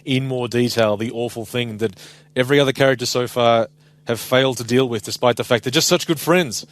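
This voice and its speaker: A man's voice: medium pitch, brisk, no room sound. A man with an Australian accent co-hosting a casual podcast, sarcastic and emphatic, swearing freely. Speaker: podcast co-host. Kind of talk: casual chat.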